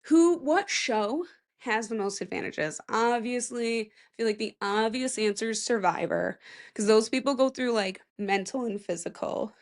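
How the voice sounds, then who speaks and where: A woman's voice: on the high side, normal speed. A young woman hosting a casual solo podcast, chatty and rambling, with self-mocking asides and a voice that cracks now and then. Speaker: podcast host.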